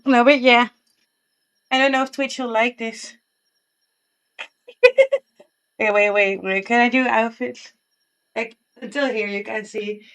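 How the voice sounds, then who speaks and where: Woman, streamer, sleepy, giggly, chatty, slightly high voice, casual live chat. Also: steady tone, slow, long pauses, fairly bright tone. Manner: chatty and giggly, talking to chat and her pet. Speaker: Twitch streamer.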